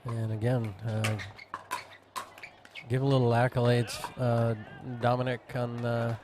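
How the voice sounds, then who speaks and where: A chatty male commentator trades quips and breaks down shots in an easygoing voice. His feed carries clear background noise, like a live outdoor stream. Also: medium pitch, completely flat delivery, a little slow. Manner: chatty, jokey, reads out viewers. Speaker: color commentator. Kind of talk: casual sports commentary.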